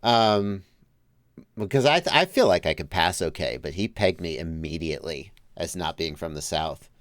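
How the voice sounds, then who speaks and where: A man who grew up in Georgia hosting a livestream, chatting casually, laughing easily and trailing off quietly. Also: deep voice, expressive, moderate pace, no room sound, studio quality. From Georgia, US South. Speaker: livestream host. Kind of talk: casual chat.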